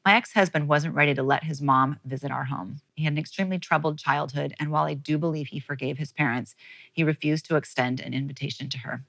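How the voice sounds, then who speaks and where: A woman's voice: sits low, fairly even intonation, quick pace, gravelly, fairly bright tone, dry recording, low-quality recording. A woman podcast host telling a heartfelt personal story in a storytelling monologue, emotional at moments.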